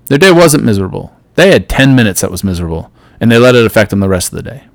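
A middle-aged man hosting a solo podcast, giving an earnest motivational talk that swings between loud and soft. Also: on the low side, big pitch swings, quick pace, vocal fry, dry recording. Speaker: podcast host.

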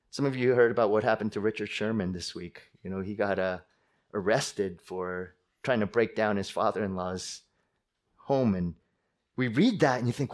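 A middle-aged man preaching a sermon as pastor, animated, acting out angry voices with sudden loud bursts. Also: medium pitch, unhurried.

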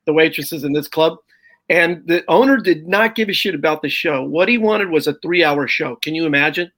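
A middle-aged man, a stand-up comedian, telling animated, salty road stories in casual conversation. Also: fairly high pitch. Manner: animated anecdote with profanity and quoted voices. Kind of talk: casual storytelling on a podcast.

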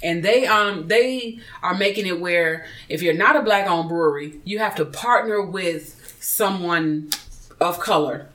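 A podcast speaker in casual chat, telling stories in an animated way, joking and laughing between points. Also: medium pitch, a little slow, rough recording. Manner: animated, joking storyteller who laughs while talking. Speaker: podcast participant.

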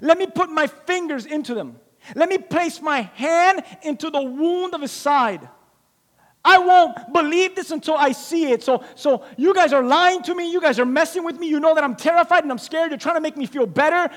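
A man putting on a scared, stubborn disciple in a retold scripture scene, voice pushed up high and loud, pleading and insistent, with a long hall reverb trailing behind. He demands proof and refuses to be comforted. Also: moderate pace. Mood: defiant, fearful. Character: doubting male disciple, frightened and stubborn.

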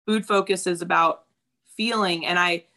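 A woman's voice: lowish voice, steady tone, moderate pace, sharp tone. A woman in her thirties talking candidly in casual chat, swearing freely and acting out what people said.

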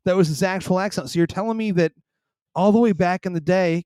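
A man in casual podcast chat, excitable and swearing, stumbling over words when worked up. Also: sits high, a little fast, clear, resonant tone, no room sound. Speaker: podcast host.

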